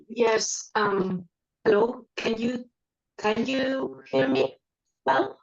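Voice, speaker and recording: A woman in an online class speaking haltingly over a bad connection that makes her sound robotic. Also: a little high, creaky. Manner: halting, hesitant. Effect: robotic, glitchy connection. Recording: distant, dull, glitchy call audio.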